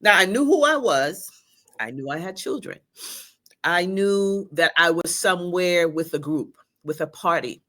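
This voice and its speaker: A middle-aged woman, a guest, telling an emotional personal story in a halting way, with restarts and quoted speech. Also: fairly low pitch, sharp tone.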